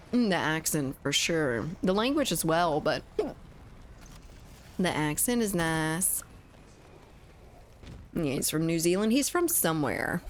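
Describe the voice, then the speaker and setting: A young woman with a notably low voice talks loosely to her viewers while she plays, answering chat and tossing in casual swears. A faint hum of noise sits under her close mic. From United States. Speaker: streamer. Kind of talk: casual gaming livestream chat.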